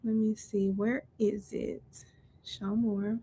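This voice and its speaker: A woman commenting on a livestream, sarcastic and blunt, breaking in loudly as she reads a post aloud. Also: medium pitch, level tone, slow pace, a little hiss or hum. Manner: sarcastic, interjects loudly while reading.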